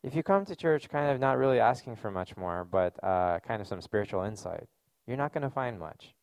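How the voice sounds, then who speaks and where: Male pastor, gravelly, dry close sound, casual earnest sermon delivery. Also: on the low side, lively intonation, fairly quick, darkish tone, no echo. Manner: conversational, earnest preaching with casual fillers.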